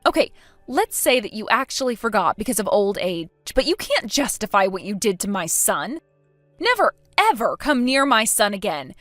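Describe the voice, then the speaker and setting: A woman's voice: mid-range voice, sing-song, moderate pace, a bit bright, no echo, soft background music. A woman reading a texting story as the daughter-in-law, with a cold, accusing and sarcastic manner. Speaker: narrator voicing the daughter-in-law.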